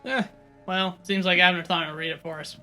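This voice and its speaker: Bright-voiced, teasing gamer man. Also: high-pitched, fairly even intonation, brisk, soft background music. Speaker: let's play co-host. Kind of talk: casual gaming commentary and reading aloud.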